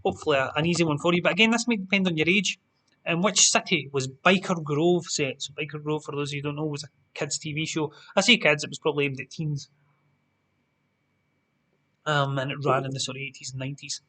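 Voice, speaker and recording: A man hosting a live-streamed pub quiz in a chatty, self-deprecating way, repeating the rules slowly. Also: mid-range voice, pushed and bright. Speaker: quiz host.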